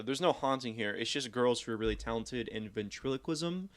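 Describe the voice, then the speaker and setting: A young man on a casual podcast, rambling through a story at an ordinary middle pitch. He gets animated and swears freely as he goes. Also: fairly quick. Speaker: podcast co-host. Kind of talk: casual chat.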